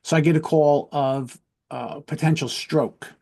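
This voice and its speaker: A man's voice: a little high, fairly even intonation, measured pace, creaky, mellow. Earnest man hosting a storytelling podcast. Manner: earnest, conversational, often checks in with "right?". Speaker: podcast host and police lieutenant. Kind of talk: casual storytelling.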